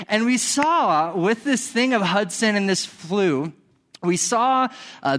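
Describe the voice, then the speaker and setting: A young man preaching a sermon, opening with an animated personal story full of vivid asides. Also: a little high. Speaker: pastor. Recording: long reverb of a hall.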